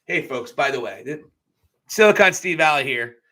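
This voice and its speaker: Brief: young man, bright cutting tone, fairly high voice, blunt and crude wrestling-recap host, live casual chat. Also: animated, normal speed. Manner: blunt, profane, joking asides. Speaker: wrestling show reviewer.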